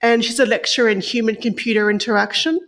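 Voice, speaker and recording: Creaky-voiced Australian woman chatting. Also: a little high, steady tone, fast talker, a bit bright. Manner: chatty, loose, thinking aloud with fillers. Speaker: podcast co-host, tech reporter. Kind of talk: casual podcast chat.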